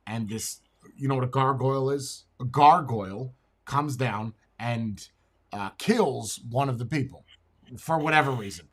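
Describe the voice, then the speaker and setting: A man's voice: medium pitch, a little slow, slightly rough. A man co-hosting a casual talk show, blunt in his opinions, who repeats words and stammers as he tells a long story.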